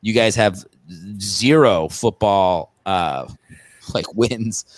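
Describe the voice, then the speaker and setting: A man's voice: on the low side, very slow, no room sound. A man who is a comedian, a guest on a podcast, rambling sarcastically about football with lots of fillers. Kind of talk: casual podcast chat.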